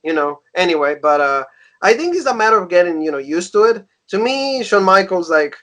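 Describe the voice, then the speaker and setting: A man's voice: high-pitched, big pitch swings, brisk, fairly bright tone. A man co-hosting a casual wrestling review, recapping in a rambling way with many fillers. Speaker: podcast co-host.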